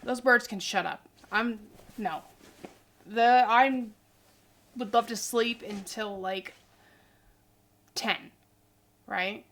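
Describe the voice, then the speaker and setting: A woman's voice: fairly high pitch, very slow, pauses often, a bit bright. A woman in her forties, a tired and chatty vlogger talking casually in a rambling, goofy way. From Idaho, US. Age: 40s. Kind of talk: casual chat.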